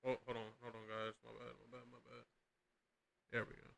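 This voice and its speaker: A man's voice: medium pitch, monotone, a little fast, creaky, a bit bright, slight background noise. A young man hosting a podcast, giving casual, profane, rambling reaction commentary with lots of slang and restarts. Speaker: podcast host reacting to clips.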